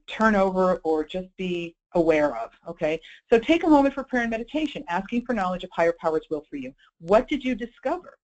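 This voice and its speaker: A woman's voice: on the low side, a little mellow, low-quality recording. A woman giving a webinar talk as a clinical presenter, speaking conversationally and often checking in with her listeners. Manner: conversational, checks in with listeners with "okay?" and "you know".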